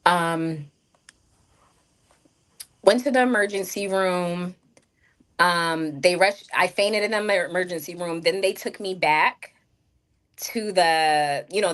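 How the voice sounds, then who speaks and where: A woman streamer telling a personal story to her chat in a frank, rambling way, full of fillers and asides to her viewers. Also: lowish voice. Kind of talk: candid livestream storytelling.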